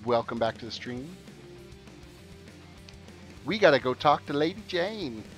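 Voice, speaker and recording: A man's voice: medium pitch, expressive, unhurried. A man from Alberta, chatting casually and joking while streaming a game and reading out viewer messages. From Canada, Alberta. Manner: joking, chatty, reads viewer chat aloud. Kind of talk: casual gameplay chat. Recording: faint game music behind.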